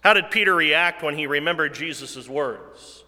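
A man preaching a sermon, slow and deliberate, rising loud and falling to a hush. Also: on the high side, long reverb tail. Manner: slow, deliberate preaching that swells louder then drops to a hush.

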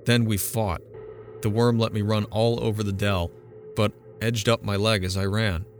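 A man's voice: lowish voice, level tone, moderate pace, soft background music, close to an everyday voice. A man reading an audiobook, voicing a haunted, defiant young man who recounts his ordeal with intense urgency. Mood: urgent.

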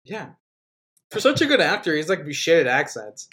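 A man's voice: a little high, sing-song, moderate pace, a bit bright. A man co-hosting a podcast in casual banter, joking and swearing freely. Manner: joking, profane, slips into silly impressions. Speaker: podcast co-host.

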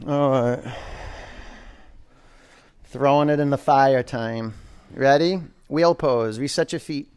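A man running a live yoga session calls poses, counts down holds, and playfully teases his students in the studio while coaching them. His mid-range voice is slow, darkish, clear, and resonant.

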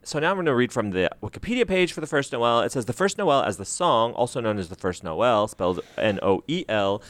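Man, podcast co-host, lively swinging pitch, dry close sound. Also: brisk, no echo. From United States. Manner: playful, jumps to silly voices. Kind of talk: casual chat.

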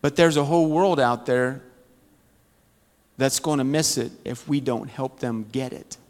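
A man's voice: medium pitch, unhurried, darkish tone. A man teaching a Bible study, giving a conversational, folksy sermon full of humorous stories. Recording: long church-hall reverb.

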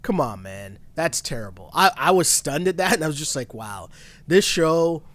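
A man co-hosting a podcast in casual chat, animated and exasperated, laughing often. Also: fairly high pitch, a little fast, dry recording. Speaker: podcast co-host. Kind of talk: casual chat recapping a reality show.

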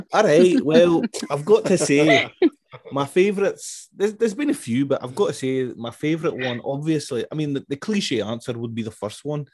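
A man putting on a loud jokey Scotsman. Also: expressive, normal speed, slightly rough. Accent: Scottish, put on. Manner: loud, laughing, higher than his own voice. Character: man hamming up a Scottish accent.

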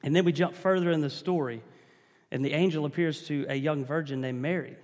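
A man's voice: a little high, fairly quick, darkish tone, in a large hall. A man preaching a sermon to a congregation, building emphasis and calling out to the listeners.

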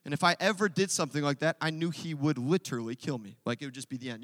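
A man preaching a sermon, telling a story with lively acted-out quotes and asides. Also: fairly high pitch, fast talker, long reverb tail. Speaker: pastor.

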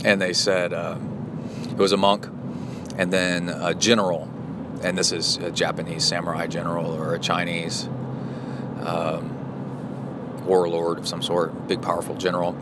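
Man, podcast host, casual solo talk, rambling, reflective, low voice, car road noise. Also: completely flat delivery, normal speed, long pauses.

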